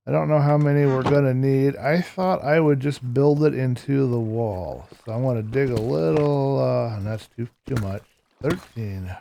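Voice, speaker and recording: A man's voice: medium pitch, gravelly, warm tone, a little hiss or hum. A man giving casual Minecraft gameplay commentary, a little tired and yawning, who likes to explain each step as he builds. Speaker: Minecraft YouTuber.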